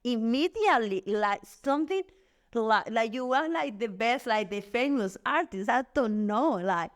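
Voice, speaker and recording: A woman with a Chilean Spanish accent speaks English as a guest on a podcast. She tells personal stories candidly, with an expressive, restarting flow. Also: a little high, a little slow. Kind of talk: casual chat.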